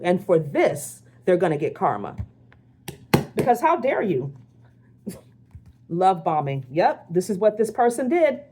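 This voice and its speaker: A woman's voice: on the high side, darkish tone. A woman spiritual teacher giving a casual card reading, talking bluntly and often swearing, checking in with the listener with "okay?" and "right?". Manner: blunt and profane, with frequent check-ins to the listener.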